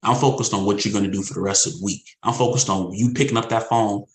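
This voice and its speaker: A man's voice: lowish voice, steady tone, fast, reverberant, rough recording. A man leading an insurance sales team in a motivational talk, speaking in a conversational, emphatic way and repeating his points. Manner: repetitive, emphatic, conversational preaching.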